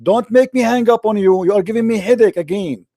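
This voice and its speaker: A man's voice: high-pitched, a little fast, a crowd in the background. Impatient man hosting a heated debate. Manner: impatient, interrupting, repeats himself. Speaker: debate show host.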